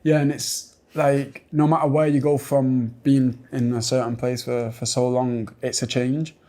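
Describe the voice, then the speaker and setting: Young man, podcast guest, soft-spoken, reflective, filler-heavy, mid pitch. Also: level tone, measured pace. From Manchester, England. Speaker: footballer guest. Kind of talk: casual podcast interview.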